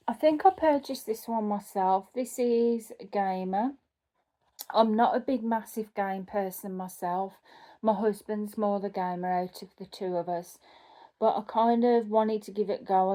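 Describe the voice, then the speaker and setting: A woman's voice: medium pitch, dark tone. A woman who runs a cross-stitch channel, chatting casually at home as she sorts through her craft kits, thinking aloud and correcting herself as she goes.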